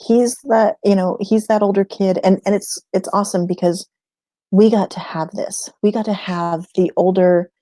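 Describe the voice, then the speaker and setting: A woman's voice: medium pitch, fairly even intonation, moderate pace, mellow, no echo. A woman in a casual livestream chat, answering viewer questions about homeschooling, rambling and laughing often mid-sentence.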